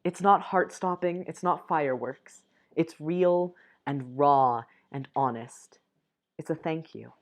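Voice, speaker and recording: Young woman, lowish voice, reads a romance game aloud with soft giggly asides. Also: slow. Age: young adult. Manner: reads lines softly, breaks off with giggly asides. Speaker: gamer reading a dating sim aloud. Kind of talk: reading game text aloud with reactions.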